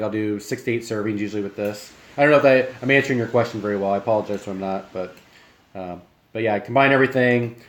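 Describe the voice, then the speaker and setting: A man's voice: fairly low pitch, echoey room. A young man chatting casually with his live-stream viewers from his home kitchen, rambling and friendly, sometimes talking with his mouth full.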